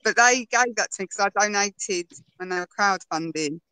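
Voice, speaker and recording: A woman tells stories in a relaxed chat, her voice bright and forward. She laughs easily and often. The sound is close and dry, with no room around it. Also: mid-range voice, normal speed, dry recording, rough recording. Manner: chatty storyteller, laughs often. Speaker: guest. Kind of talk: casual conversation.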